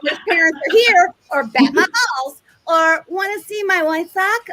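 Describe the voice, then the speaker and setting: A woman's voice: extremely high pitch, lively intonation, a little slow, hardly any pauses, bright, forceful tone, no room sound. A woman hosting a live online comedy game show in a loose, chatty, sometimes swearing way, on a video-call mic.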